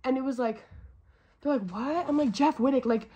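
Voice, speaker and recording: A woman's voice: high voice, normal speed, dark tone, slightly rough, lo-fi sound. A young woman vlogging in a casual, gushing way, full of "like" and swearing. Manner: bubbly, gushing, swears a lot, fillers like "like". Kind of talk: casual vlog chat.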